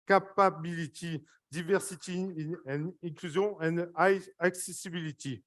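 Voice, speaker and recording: A man's voice: fairly high pitch, no echo. Earnest French-accented man on stage. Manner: halting, earnest, emotional, with frequent fillers. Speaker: guest speaker presenting a project. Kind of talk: live stage speech.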